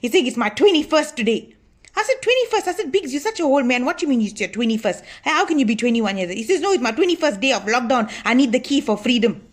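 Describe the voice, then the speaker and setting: A woman's voice: a little high, animated, fast talker. A woman playing a bossy older auntie who chats to viewers in a comic monologue, scolding and gossiping about her lazy husband. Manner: chatty, gossipy, scolding, addresses viewers as y'all. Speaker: comedy sketch character.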